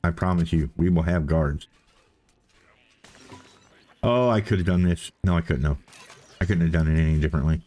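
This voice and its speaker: A man's voice: deep voice, moderate pace, pauses often, dark tone. A man giving casual, chatty commentary as he plays a game, thinking aloud and repeating himself. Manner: playful self-talk. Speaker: let's play host.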